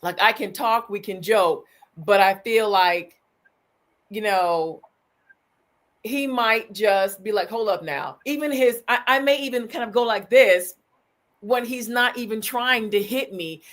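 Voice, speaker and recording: A woman guest in a casual talk, speaking haltingly as she searches for her words. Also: medium pitch, a bit bright. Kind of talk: casual chat.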